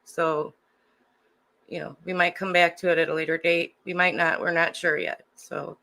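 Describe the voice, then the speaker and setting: Chicago lady cohost, gravelly fry in her voice, very bright and sharp, lots of ums. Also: lowish voice, little pitch movement, moderate pace, low-quality recording. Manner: hesitant, many ums. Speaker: co-host. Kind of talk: casual chat.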